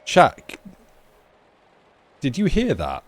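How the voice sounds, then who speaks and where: A man's voice: on the high side, wildly swooping pitch, very slow. A man hosting a live stream, chatting casually and rambling through explanations of a tech mishap with plenty of fillers. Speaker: streamer and host.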